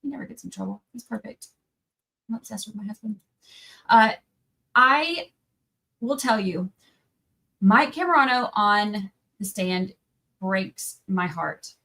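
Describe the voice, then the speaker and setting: A woman's voice: medium pitch, lively intonation, a little slow, long pauses, sharp tone, poor audio. A woman chatting casually on a livestream, rambling and breaking off mid-sentence, tired from little sleep. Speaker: livestream trial commentator.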